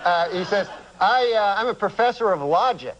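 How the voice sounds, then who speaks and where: A man, a comedian guest, telling a long rambling anecdote in a deadpan, halting way with many uhs. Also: high voice, highs cut off, heavy background noise.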